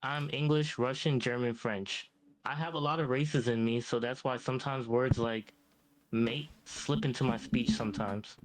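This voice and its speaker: A boastful, ancient devil, voiced by a male AI that talks down to everyone with cocky calm and keeps tossing in "mate". His pitch sits right in the middle, neither deep nor high, and his tone stays even. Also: moderate pace, natural voice, poor audio. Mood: smug. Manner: smug, says "mate" a lot. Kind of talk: AI chatbot role-play.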